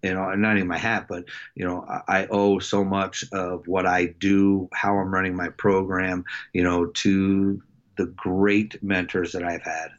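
Low-voiced middle-aged coach guy, lots of ums and restarts, kinda muffled audio. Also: level tone. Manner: halting, many fillers and restarts. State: emotional. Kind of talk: casual interview storytelling. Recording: dull lo-fi sound.

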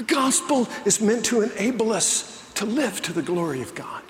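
A man's voice: high-pitched, moderate pace, few pauses, a little hiss or hum. A man preaching a sermon, telling a story and acting out the voices of the people in it. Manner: animated, acts out quoted voices in the story. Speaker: pastor. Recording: echoey church hall, faint ambience.

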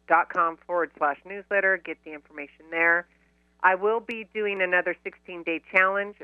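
A woman's voice: lowish voice, no echo, phone-quality sound. A woman hosting a radio show, talking casually with an effusive, affectionate, upbeat manner.

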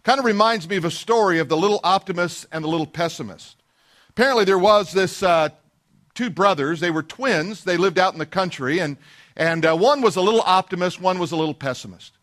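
A pastor with a notably high voice delivers a sermon in a church. He talks in a loose, folksy way, winding through homespun stories with fillers and restarts. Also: fairly quick, fairly bright tone.

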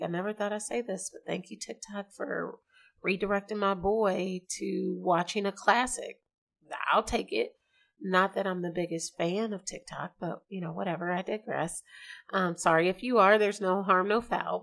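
A woman hosting a podcast in casual chat, talking in a slangy, chatty way with quick asides. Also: medium pitch. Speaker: podcast host.

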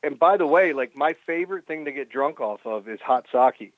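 A man co-hosting a casual chat, talking quickly and easily over a remote line. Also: a little high, animated, no echo. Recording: tinny phone-line sound.

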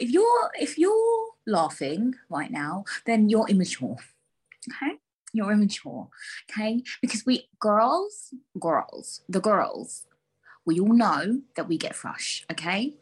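A woman's voice: medium pitch, big pitch swings, slow pace, breathy edge. A young woman hosting a podcast alone, talking candidly and bluntly with lots of swearing. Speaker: podcast host. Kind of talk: casual solo podcast chat.

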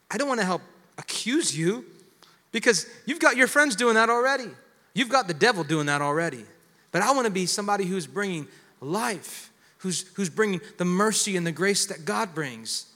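A man in his thirties, a pastor preaching a sermon, talking conversationally and building to loud exclamations. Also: sits high, animated, moderate pace, in a large hall. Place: church sanctuary with long reverb.

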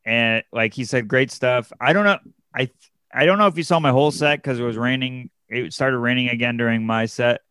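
A young man, a comedian and podcast co-host, telling a story in casual chat, animated and full of fillers and restarts, jumping his pitch up to act out the people he quotes. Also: fairly quick, clean tone, no room sound.

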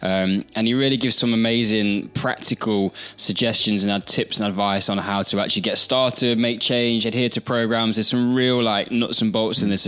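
A man's voice: lowish voice, a bit bright. A man hosting a podcast in an easygoing, upbeat way. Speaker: podcast host. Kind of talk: casual podcast chat.

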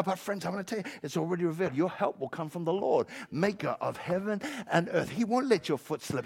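A male pastor preaching a sermon in a church, swinging between loud emphatic lines and quiet, joking asides. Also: brisk, creaky, few pauses, husky. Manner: swings from loud shouting to hushed low asides, jokey and emphatic.

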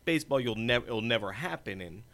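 A man's voice: mid-range voice, expressive, a little fast, fairly bright tone. An American man co-hosting a podcast in casual chat, rambling, restarting and trailing off mid-thought. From United States. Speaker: podcast co-host.

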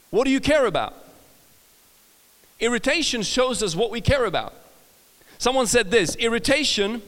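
A man with a Swedish accent delivers a sermon in a higher register, stumbling over words and circling back with restarts. His voice carries a long reverb, as if filling a large church hall. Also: a bit bright. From Sweden. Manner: storytelling with frequent restarts and self-laughter. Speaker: preacher.

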